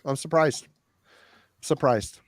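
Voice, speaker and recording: A man's voice: on the high side, slow, no room sound, clean studio sound. A man hosting a podcast, chatting casually about records he has been listening to, rambling and laughing at himself. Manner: laughing, self-deprecating and rambling. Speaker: podcast host. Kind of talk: casual chat.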